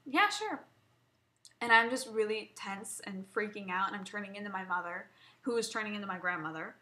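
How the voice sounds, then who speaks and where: Young woman, vlogger, emotional rant, rambling, swearing, stumbling restarts, sharp bright tone. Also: medium pitch, fairly even intonation, quick pace. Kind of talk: emotional personal rant to camera.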